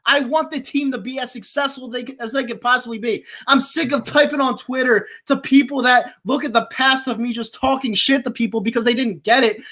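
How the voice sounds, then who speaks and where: Woman, twenties, from Philadelphia area, live-stream host, passionate yelling rant, exasperated, lively swooping voice. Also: high-pitched.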